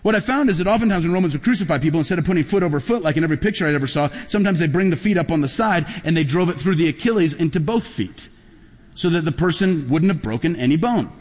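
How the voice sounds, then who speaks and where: A middle-aged pastor's slightly high voice moves fast with lively intonation as he preaches a sermon. His storytelling rises to emphatic, loud peaks, and a long hall reverb colors the sound.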